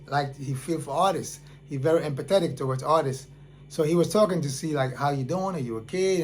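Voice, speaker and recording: Man, independent artist, slightly high voice, earnest storyteller who repeats for emphasis, casual talk to camera, faint hum behind. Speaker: independent artist, channel host.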